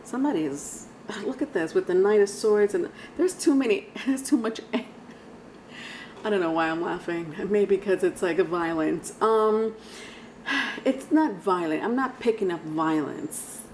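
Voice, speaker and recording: A woman's voice: mid-range voice, animated, a little slow, a little mellow, slight background noise, low-quality recording. A woman giving a casual, rambling tarot reading, talking straight to viewers with sighs and laughs. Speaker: tarot reader.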